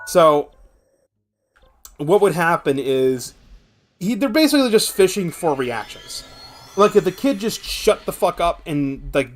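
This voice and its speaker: A man's voice: a little high, slight background noise. A young man streaming a game, telling long rambling stories with lots of swearing and filler. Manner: rambling, profane, animated storytelling. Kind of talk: casual gameplay chat and storytelling.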